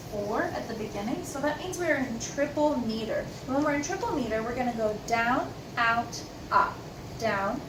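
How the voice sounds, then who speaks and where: A woman teaching an elementary music lesson, gently encouraging and breaking into sung solfege and rhythm syllables, with a piano in the room. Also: high voice, background noise. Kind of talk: recorded music lesson for children. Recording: roomy echo, far from mic, piano music.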